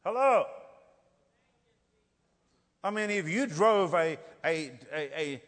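This middle-aged preacher from South Africa has a fairly bright voice that sits on the high side, expressive and full of drawn-out words. His sermon is funny and story-driven, with dialogue acted out and playful "Hello?" asides echoing through long hall reverb.

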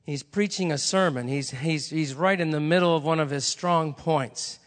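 A man's voice: fairly high pitch, normal speed, big-room sound. A male preacher telling stories during a sermon, in a chatty, conversational way with asides to the congregation.

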